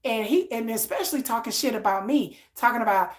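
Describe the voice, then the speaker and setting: A woman in her thirties chatting on a live stream, telling animated stories and acting out what people said. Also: a little high, fairly quick. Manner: animated storytelling, acting out quoted lines. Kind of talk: casual live-stream chat. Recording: echoey room.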